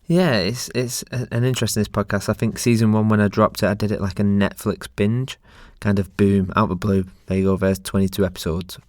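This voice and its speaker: Man, podcast host, earnest and reflective, low voice, dry sound. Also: steady tone, brisk, few pauses, darkish tone, no echo. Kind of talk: casual interview chat.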